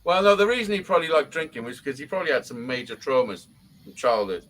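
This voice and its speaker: A man's voice: mid-range voice, animated, fast talker, a bit bright, low-quality recording. A middle-aged man, telling a rambling story in casual chat and swearing constantly.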